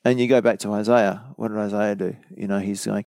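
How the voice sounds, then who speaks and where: A man's voice: lowish voice, little pitch movement, fairly quick, vocal fry, a little mellow, dry recording. Casual man teaching a bible passage. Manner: conversational, explaining verse by verse with asides. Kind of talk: bible study sermon.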